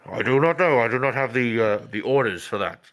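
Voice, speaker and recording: A man's voice: medium pitch, animated, fairly quick, fairly bright tone, natural voice. A man voicing a blunt, dutiful male imperial trooper in a tabletop game, speaking curtly and matter-of-factly. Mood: flat, dutiful.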